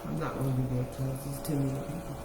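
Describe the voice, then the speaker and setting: A woman co-hosting a casual live chat, talking in dry, mumbled deadpan asides. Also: a bass voice, fast. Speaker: co-host of a live chat show. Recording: distant echoey mic with noise.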